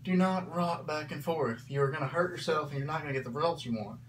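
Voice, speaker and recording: A man's voice: a little high, brisk, low-quality recording. A man casually coaching arm exercises on his channel, a little out of breath as he demonstrates, with a faint hum in the background. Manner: casual, coaching, says y'all and frickin'. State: slightly out of breath. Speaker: fitness vlogger.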